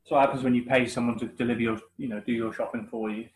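A man's voice: mid-range voice, steady tone, racing, low-quality recording. A man with a West Country English accent, co-hosting a casual podcast chat, teasing and laughing often. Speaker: podcast co-host.

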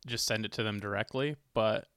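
A man's voice: fairly low pitch, fairly quick, fairly bright tone, clear, resonant tone, no echo, studio quality. A man co-hosting a comedy podcast, rambling and chatty with lots of fillers. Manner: rambling, filler-heavy, laughing. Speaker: podcast co-host. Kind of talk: casual comedic chat.

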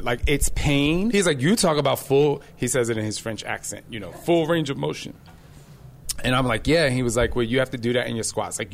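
A man's voice: mid-range voice, slight background noise. A middle-aged man, a fitness instructor, chatting casually and energetically, telling stories and acting out quotes. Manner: energetic, animated storyteller who acts out quotes. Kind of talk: casual chat.

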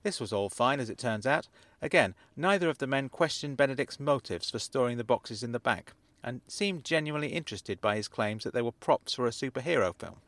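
A man reading his own comic story in the first person, with a dry, deadpan delivery. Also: mid-range voice, fairly quick, few pauses, dry recording. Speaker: author and narrator. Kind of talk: first-person audiobook narration.

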